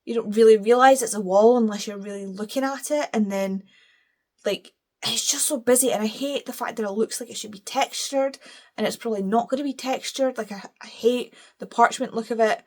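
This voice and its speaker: British lady rambling on her book channel, strong opinions, apologizes for them, mid pitch. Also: darkish tone. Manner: opinionated, gushing, self-deprecating. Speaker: book reviewer. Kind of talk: casual chat.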